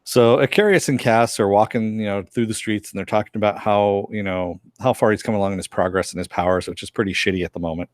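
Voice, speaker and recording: A man's voice: fairly low pitch, quick pace, few pauses, no echo. Casual man recapping a show. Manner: animated retelling, acting out lines. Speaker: podcast co-host reviewing a TV episode.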